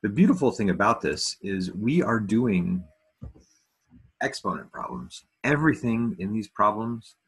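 Husky, deep-voiced man teaching math. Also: sing-song, measured pace. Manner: casual, self-deprecating asides. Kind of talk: recorded video lesson.

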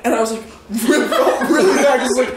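A man's voice: very high-pitched, fast talker, a crowd in the background. A man co-hosting a podcast, rambling through a story with frequent giggles. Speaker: podcast co-host. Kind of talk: casual chat, storytelling. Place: room with friends. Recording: roomy echo.

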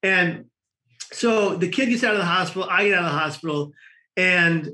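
A man, a guest on a talk show, telling a long personal story in an animated way with frequent laughs. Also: high-pitched, normal speed. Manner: animated storyteller, laughing often, many restarts. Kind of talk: storytelling in conversation.

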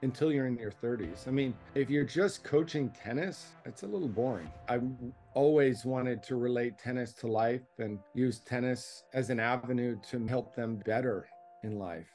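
A man's voice: mid-range voice, normal speed, darkish tone. A man, a tennis coach, reflecting earnestly on his coaching in a tribute video interview. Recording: faint background music.

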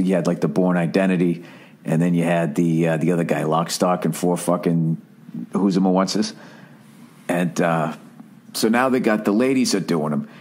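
A man hosting a podcast, ranting in a casual comedic way, profane and quick to mimic voices. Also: sits low. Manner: profane, animated, mimics voices mid-story. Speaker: podcast host.

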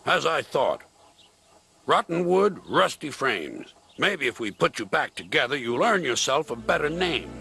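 Man putting on a stern older railway boss, gravelly, animated storybook voice. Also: on the high side, a little slow, voice pushed up, exaggerated voice. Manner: stern, scolding.

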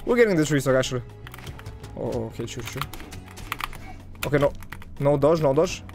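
A man giving excitable live commentary over his own gameplay, talking to his viewers and swinging from loud hype to low muttering. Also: moderate pace, music in the background. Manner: talks to viewers as "guys". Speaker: gaming video creator.

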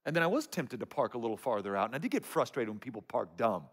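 A man's voice: medium pitch, big pitch swings, fast, breathy edge. A man preaching a sermon as pastor, telling stories to the congregation with playful humor.

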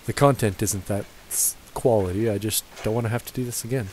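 A man's voice: mid-range voice, fairly quick, hardly any pauses, a little hiss or hum, poor audio. A young man casually commentating his gameplay, cursing and joking at the characters on screen. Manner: profane, joking, talks to the game characters. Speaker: let's play gamer. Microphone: gaming headset.

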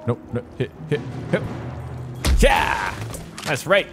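A young man giving excitable, joking gameplay commentary. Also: mid-range voice, takes it slowly, vocal fry. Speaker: YouTuber. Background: game music.

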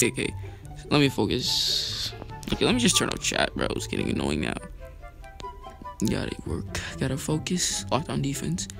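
A young man giving excitable, self-mocking commentary over his own football video game, hyping plays as he goes. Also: medium pitch, moderate pace, gravelly. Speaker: gaming video creator. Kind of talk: live gameplay commentary. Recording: light music underneath.

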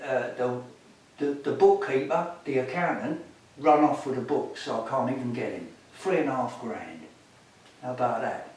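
An older man, talking as a patient in a rambling way that trails off into hesitations. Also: mid-range voice. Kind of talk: candid conversation. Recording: echoey room, mic far off, faint hiss.

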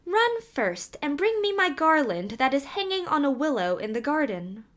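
A woman's voice: high voice, very animated, moderate pace, fairly bright tone, voice pushed up. A woman voicing a young bride who gives bossy orders.

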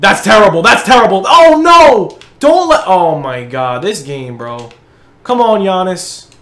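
A young man commentating his own basketball video game match, excitable, hyping his plays and groaning at misses. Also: sits high, reverberant. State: out of breath. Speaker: gaming channel host. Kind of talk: live gameplay commentary.

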